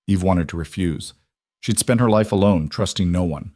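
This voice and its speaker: A man reads a scripted fantasy story in steady, measured narration. His voice sits on the lower side, and the recording is dry and close with no echo.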